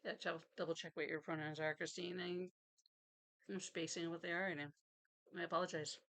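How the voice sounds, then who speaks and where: Lady crafter chatting at her desk, lowish voice, rambly and laughs a lot. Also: level tone, moderate pace, a bit bright. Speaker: vlogger. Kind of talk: casual chat.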